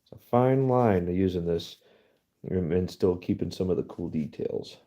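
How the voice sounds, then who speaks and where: A man hosting a casual live stream outdoors on a cold night, chatty and laughing often, his voice going hoarse. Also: sits low, normal speed, mellow. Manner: chatty, laughs often, addresses viewers as guys. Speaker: livestream host.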